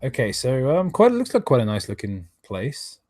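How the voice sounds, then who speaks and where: Man, live stream commentary, exasperated, sarcastic, swearing, mid-pitched voice, dry close sound. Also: huge pitch swings, normal speed, a little mellow, no echo. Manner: thanks viewers for donations between remarks.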